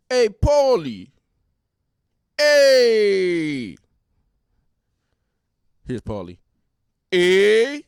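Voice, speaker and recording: A man's voice: mid-range voice, no room sound, studio quality. A man hosting a podcast in casual, mocking comedic commentary with laughing asides. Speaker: podcast host.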